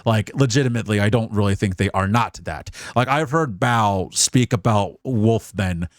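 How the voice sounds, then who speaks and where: A man streaming as a VTuber, giving casual commentary in a rambling, profane, emotionally animated way. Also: lowish voice, moderate pace, dry recording, clean studio sound.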